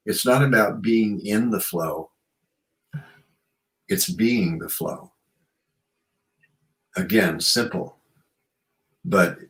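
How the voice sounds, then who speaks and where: Very deep-voiced man, rambling and reflective. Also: low-quality recording. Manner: rambling, reflective, with frequent "you know". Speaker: radio show host. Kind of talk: casual chat.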